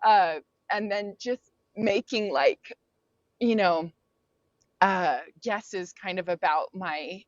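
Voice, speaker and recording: A woman's voice: mid-range voice, slow, no echo, muffled recording. A woman, a podcast guest, telling a personal story in casual conversation, filling her sentences with "like" and "um". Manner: casual, frequent "like" and "um" fillers.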